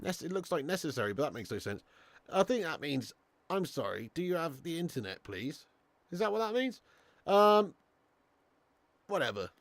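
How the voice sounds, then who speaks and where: A man's voice: fairly high pitch, sing-song, normal speed, long pauses, a bit bright, no room sound. A young man hosting a live football watch-along who chats, swears and laughs, bantering with viewers in the chat.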